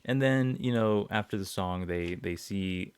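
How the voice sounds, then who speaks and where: A man's voice: lowish voice, unhurried, clear, resonant tone, no echo. A young man hosting a podcast, rambling through an episode recap with lots of fillers, swearing and chuckles. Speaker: podcast host.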